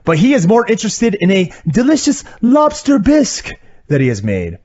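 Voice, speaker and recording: Male podcast co-host, higher voice, animated, wry rambling recap, lo-fi sound. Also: normal speed. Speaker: podcast co-host reviewing wrestling. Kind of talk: casual recap chat. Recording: dull lo-fi audio.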